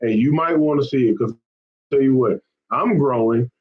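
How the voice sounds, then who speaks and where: A man's voice: medium pitch, normal speed, lo-fi sound. A man hosting a fishing channel, chatting casually with viewers on a live stream. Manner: chatty, repetitive, often says man and y'all.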